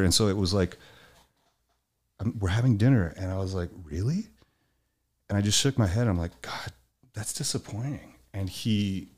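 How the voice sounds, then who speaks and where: A man with a very low, deep voice talks candidly in a relaxed chat, swearing freely. He tells personal stories and acts out the lines of the people in them. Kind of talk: candid conversational storytelling.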